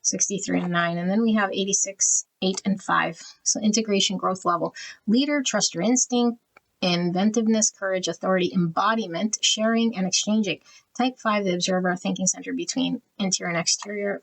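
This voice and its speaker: A woman giving a pick-a-card tarot reading, talking quietly and evenly and reading card meanings as lists of words. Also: moderate pace, creaky, low-quality recording. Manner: quiet, even and low-key, trying not to be loud early in the morning. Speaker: tarot reader.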